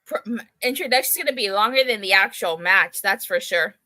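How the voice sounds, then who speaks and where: A woman's voice: medium pitch, brisk, sharp tone. A woman co-hosting a casual live wrestling watch-along, chatting in an easygoing way. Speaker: co-host.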